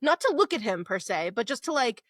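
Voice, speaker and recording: A woman's voice: on the high side, brisk, dry recording, studio quality. A young woman co-hosting a podcast, recapping a novel in casual chat and acting out the characters' lines with laughs. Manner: animated storytelling, acts out quotes with laughs. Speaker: podcast co-host.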